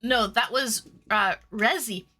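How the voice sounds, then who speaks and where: Bright-voiced woman chatting on a livestream. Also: fairly high pitch, slow pace. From Toronto, Canada. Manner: greets chat viewers by name, bubbly and chatty. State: runny nose from hot sauce. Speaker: livestream host. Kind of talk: casual livestream chat.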